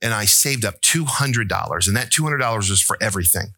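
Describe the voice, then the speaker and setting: A man delivers a sermon with a bright, ringing voice, recorded close and dry. He asks his listeners questions, mixes in jokes, and climbs to high, emphatic pleading. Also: lively intonation, a little fast, no room sound. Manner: rises to an emphatic, pleading pitch. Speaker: pastor.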